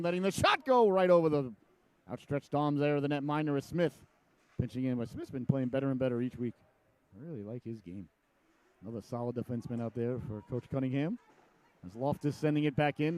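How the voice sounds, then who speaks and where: Shots and saves send this middle-aged play-by-play man's mellow, slightly high voice jumping up sharply. Between the action he's chatty and joking on the live hockey call, often straying into stories from his own life.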